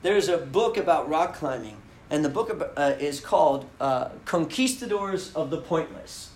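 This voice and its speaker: A man telling a story in a casual talk, animated, often laughing and acting out the lines he quotes. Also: on the high side, normal speed, echoey room, low-quality recording. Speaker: speaker telling a running story.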